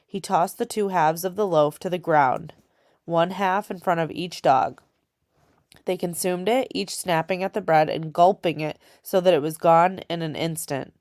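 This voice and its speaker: A woman reading a children's novel aloud in a steady storytelling way. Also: sits low, normal speed, no echo, studio quality. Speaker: audiobook reader.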